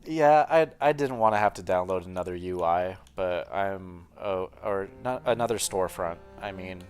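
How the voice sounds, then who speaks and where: Give me a young male channel host on a voice call, low-pitched, hesitant and full of fillers. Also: normal speed, a little mellow. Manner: hesitant, many fillers, eager. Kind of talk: casual chat over a voice call.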